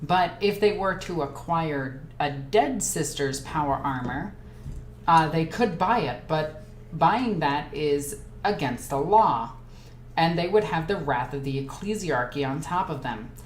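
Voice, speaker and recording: A woman hosting a casual live Q&A stream. She reads viewer comments aloud and chats excitedly, jumping from topic to topic. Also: low-pitched, a little slow. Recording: echoey room with faint ambient noise.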